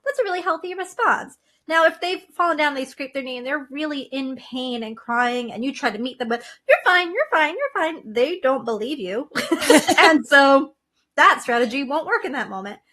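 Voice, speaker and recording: Woman guest on a video call chat, giggles all the time, high bright voice. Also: normal speed. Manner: laughs often, playful and animated. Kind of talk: casual podcast conversation.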